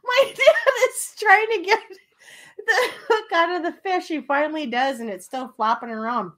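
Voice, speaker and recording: A woman's voice: very high-pitched, normal speed, a bit bright. A woman co-hosting a podcast, telling a funny story in casual chat and laughing often as she talks. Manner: giggly, laughs through her story. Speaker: podcast co-host.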